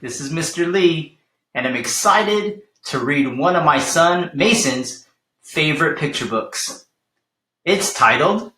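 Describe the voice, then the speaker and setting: Slow, bright-voiced man reading to children. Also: fairly high pitch, lively intonation, roomy sound. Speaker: teacher reading aloud. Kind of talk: storybook read-aloud for children.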